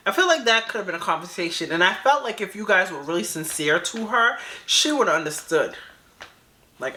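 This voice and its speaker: Lively, bright-voiced woman reacting. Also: fairly low pitch, fairly quick. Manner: incredulous, talks back at the clip. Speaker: reaction video host. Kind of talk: casual reaction commentary.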